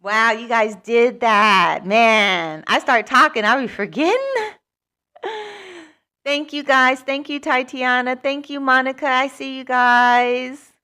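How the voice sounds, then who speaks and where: A woman hosts a spiritual livestream and talks casually to her viewers. Her voice is bright and clear. She rambles candidly, with many fillers and restarts. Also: on the high side, steady tone, takes it slowly.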